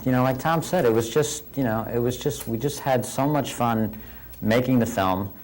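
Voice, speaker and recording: A middle-aged actor calmly recalling a film shoot in an interview, hesitant with many fillers. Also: male voice, medium pitch, normal speed, a little hiss or hum, low-quality recording. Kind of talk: interview recollection.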